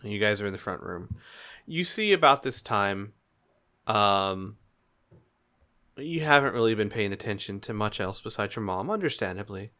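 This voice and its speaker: A man's voice: fairly low pitch, expressive, normal speed, long pauses, sharp tone. A man running a tabletop game as game master, narrating casually with many fillers and laughs.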